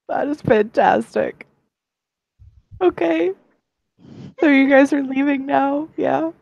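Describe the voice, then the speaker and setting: A woman running a tabletop game as game master, giggly and animated. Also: high-pitched, slow pace, creaky, highs cut off.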